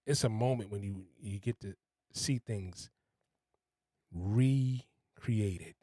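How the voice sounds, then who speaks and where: A man's voice: lowish voice, slow pace, warm tone, no room sound, clean studio sound. A man hosting a podcast, talking casually and with enthusiasm, repeating words for emphasis. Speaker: podcast host. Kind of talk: casual spoken monologue.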